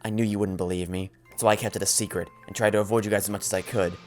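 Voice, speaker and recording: A man voicing a cold teenage girl assassin, low and hushed, flat and curt, game dub read. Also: racing, faint music behind, close to an everyday voice.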